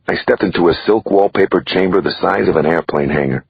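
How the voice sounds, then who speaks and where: Brief: deep, husky male audiobook reader, measured and dramatic, dry lo-fi sound. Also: no echo. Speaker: audiobook narrator. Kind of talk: scripted audiobook narration.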